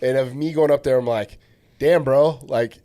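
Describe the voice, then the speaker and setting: A man's voice: medium pitch, fairly even intonation, moderate pace, warm tone. A man hosting a podcast, chatting casually, blunt and swearing freely as he quotes people in dialogue. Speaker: podcast host, fight coach. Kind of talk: casual chat.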